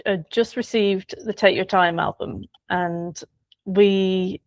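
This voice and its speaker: A woman author recalling a friend in a relaxed interview, chatty and quick to laugh. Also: medium pitch, no room sound. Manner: chatty, laughs often, trails off and restarts. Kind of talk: conversational interview.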